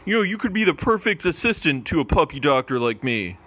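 A man's voice: on the high side, fairly quick, slightly rough, voice pushed up, heavily acted. A man voicing a laid-back, sweary male doctor of puppies who keeps saying "man.". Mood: reassuring. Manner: excited, sweary, says "man" a lot.

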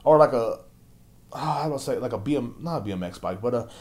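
A young adult man delivers a very fast, expressive angry rant on his own podcast, his tone darkish. Profanity is constant, and he mocks other people using squeaky, silly voices in this solo tirade.

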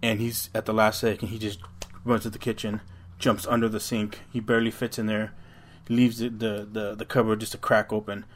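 A man with a fairly low voice spins a creepy story for his podcast co-host. He rambles along and swears freely, often backing up to restart a sentence. It sounds like casual chat between friends. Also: flat delivery, a little fast. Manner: rambling, profane retelling with frequent restarts.

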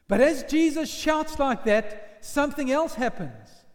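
Dramatic preacher with a high, lively voice. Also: male voice, normal speed, hardly any pauses. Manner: swings between hushed lines and loud shouted quotes. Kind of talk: dramatic storytelling sermon. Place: church hall. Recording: long reverb of a church hall.

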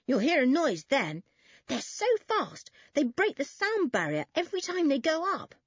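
A woman voicing a cheeky, teasing boy who brags eagerly in a lively way. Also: high-pitched, normal speed, no echo, lo-fi sound, voice pushed up. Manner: lively, bragging.

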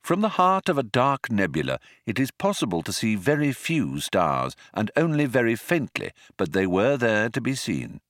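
A man's voice: medium pitch, huge pitch swings, moderate pace, few pauses, fairly bright tone, dry recording. A man narrating an audiobook in a dry, wry storytelling manner. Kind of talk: scripted narration.

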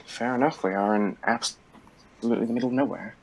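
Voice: medium pitch, fairly quick, slight background noise, close to an everyday voice, low-quality recording. A player voicing a wry, defiant alien time traveller, speaking dryly and sardonically. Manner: dry and sardonic.

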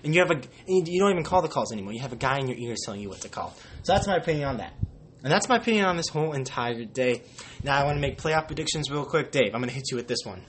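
A man's voice: medium pitch, lively intonation, racing, a little hiss or hum. A young man hosting a casual sports podcast, joking and rambling, slipping into silly quoted voices. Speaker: podcast host.

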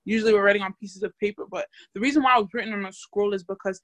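A woman's voice: medium pitch, steady tone, racing, no echo. A young woman casually teaching a Bible study, chatty and full of fillers, asking the group questions.

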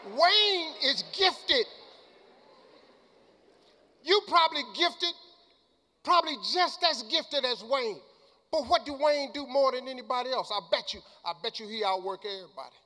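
An older man giving a motivational speech and telling stories, colloquial and emphatic, sometimes shouting. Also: very high-pitched, expressive, unhurried, long pauses. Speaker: motivational speaker. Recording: long hall reverb.

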